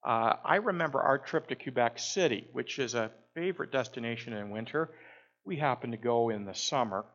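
A man telling a personal story in a reflective talk, unhurried and pausing often with "uh". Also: medium pitch, fairly bright tone, muffled recording. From Canada. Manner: unhurried, with frequent "uh" pauses. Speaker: speaker.

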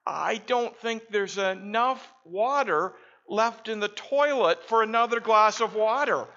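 A man's voice: sits high, a little slow, bright, forceful tone, muffled recording, pitched above the performer's own voice, full character voice. A man voicing a shy, earnest four-year-old girl in a small, hesitant child voice. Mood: worried.

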